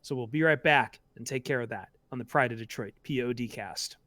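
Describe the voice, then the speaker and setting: A man hosting a sports podcast with a wry, sarcastic, low-key delivery, at a medium pitch. The sound is close and dry with no room around him. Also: brisk, bright, forceful tone, dry recording. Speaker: podcast host. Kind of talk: casual sports podcast chat.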